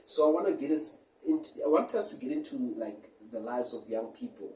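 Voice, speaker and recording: A man with a South African accent hosting a casual interview, chatty and excitable, with lots of fillers. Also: on the high side, brisk. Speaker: host. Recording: echoey room, mic at a distance, faint noise.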